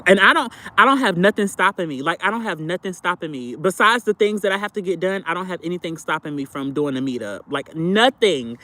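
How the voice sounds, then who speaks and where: High-voiced chatty man, dry close mic. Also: expressive, fairly quick, few pauses, pushed and bright, dry recording. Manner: talkative, repeats phrases, addresses viewers as sister and baby. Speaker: live streamer. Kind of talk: casual livestream chat with viewers.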